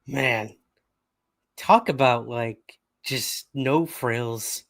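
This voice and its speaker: A man's voice: medium pitch, extremely slow, vocal fry, a bit bright, dry recording. Chatty male livestream host, dry sound. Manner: casual, chatty, with fillers and laughs. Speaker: podcast host. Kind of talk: livestream news chat.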